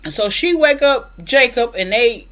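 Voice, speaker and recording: A woman's voice: a little high, lively intonation, a little slow, pushed and bright, poor audio. A woman casually retelling a movie plot, rambling with many fillers and acted-out quotes, with features. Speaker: film reviewer.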